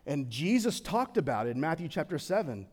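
A young man preaching a sermon in a casual, conversational way, swinging from excited to hushed and solemn. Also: a little high, fairly quick. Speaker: pastor.

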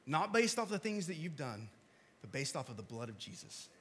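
Male pastor, high and bright tone, sermon delivery that swings between emphatic and hushed, conversational asides. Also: big pitch swings, moderate pace. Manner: conversational, with asides and small jokes. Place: church hall with congregation.

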